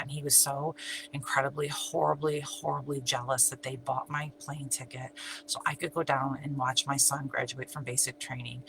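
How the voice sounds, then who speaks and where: A middle-aged woman with an extremely low, gravelly voice shares her own story as a channel host and abuse survivor. A steady hum runs beneath her emphatic, repetitive telling, which now and then sinks to a whisper.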